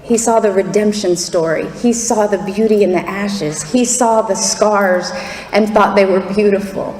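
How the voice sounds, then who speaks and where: A woman's voice: medium pitch, steady tone, normal speed, darkish tone. Middle-aged woman, candid fervent testimony talk, long hall reverb, faint background noise. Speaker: testimony speaker. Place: large hall before an audience.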